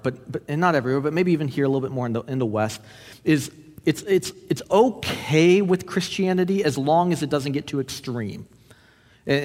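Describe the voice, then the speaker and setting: A male pastor delivers an earnest sermon, often restarting and repeating words as he goes. His voice sits at an ordinary middle pitch. The sound rings with the long reverb of a church hall. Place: church sanctuary.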